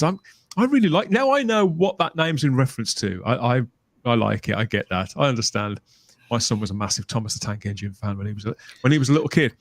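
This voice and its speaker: A man's voice: medium pitch, big pitch swings, fast talker, no echo. A middle-aged man with a Birmingham accent, hosting a casual live-stream chat in a jokey, chatty way. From England. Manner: chatty, jokey, reads out viewer names. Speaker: host.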